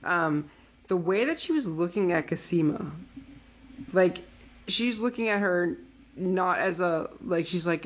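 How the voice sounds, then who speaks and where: Casual woman co-host lower register, chatty and playful. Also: animated, a little slow. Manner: chatty, lots of fillers, quotes characters in playful voices. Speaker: podcast co-host. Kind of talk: casual recap chat.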